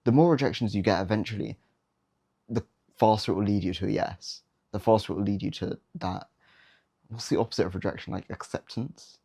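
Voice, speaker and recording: A man's voice: on the low side, mellow. A young man giving dating advice in a casual, blunt, slangy monologue, often mocking the habits he warns against.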